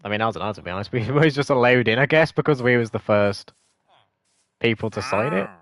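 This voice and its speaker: A British gaming streamer chats casually with viewers, giving rambling, hesitant explanations that often correct themselves. His voice is medium-pitched and brisk.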